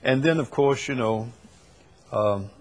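A man's voice: medium pitch, takes it slowly. A man hosting a preaching talk show, emphatic and repeating his key points. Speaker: host.

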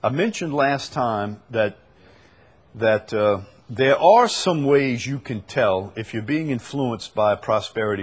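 A man hosting a preaching talk show, emphatic and repeating his key points. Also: mid-range voice. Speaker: host.

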